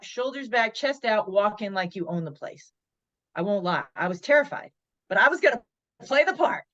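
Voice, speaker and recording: A woman in her forties tells a personal story as a podcast guest. She talks in an animated way and slips into her own inner voice as she goes. Her voice sits in a middle pitch and comes through slightly dull, lo-fi audio. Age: 40s. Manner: lively, acts out her own inner dialogue. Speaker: podcast guest, motivational speaker. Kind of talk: storytelling in an interview.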